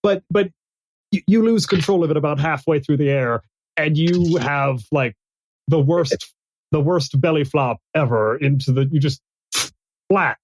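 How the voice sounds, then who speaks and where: A man running a tabletop game as game master, narrating in a halting way with many restarts and fillers. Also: on the high side, darkish tone, dry recording, poor audio.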